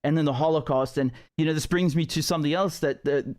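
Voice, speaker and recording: A man's voice: fairly high pitch, fairly even intonation, fast, a little mellow. A man hosts an online interview in a casual, conversational way, often stumbling and restarting his sentences. His voice is recorded dry and close, with no room echo. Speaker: host.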